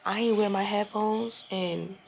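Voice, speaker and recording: A woman's voice: medium pitch, unhurried, vocal fry, a little hiss or hum. A young woman telling a casual, exasperated and profane storytime rant as a vlogger, recorded at home. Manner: exasperated, profane, animated retelling.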